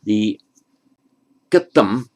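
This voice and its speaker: A man teaching the meaning of an old verse, patiently explaining each word after reciting it slowly. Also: fairly low pitch, expressive, low-quality recording. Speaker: Pali language teacher. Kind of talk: unhurried lesson on a verse.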